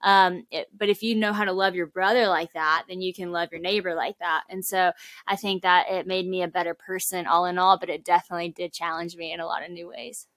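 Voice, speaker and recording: A woman's voice: on the low side, flat delivery, fairly quick, a bit bright, no echo. A young woman in her twenties, a podcast guest, talking in a chatty, earnest way with many fillers and quoted asides. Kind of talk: casual podcast conversation.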